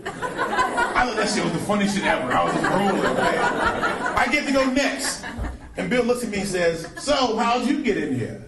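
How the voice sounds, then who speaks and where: A man performing stand-up comedy, animated and breaking into impressions of other voices. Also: sits high, brisk, vocal fry, long pauses, background noise. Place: comedy club stage. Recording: roomy live club sound from a distance with loud crowd. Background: audience laughing.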